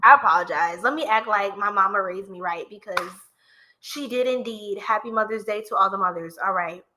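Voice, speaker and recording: A woman's voice: mid-range voice, fairly quick, background noise. A woman hosting a casual livestream tarot reading, playful and chatty, laughing often and talking to her chat in slang. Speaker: tarot reader and livestream host.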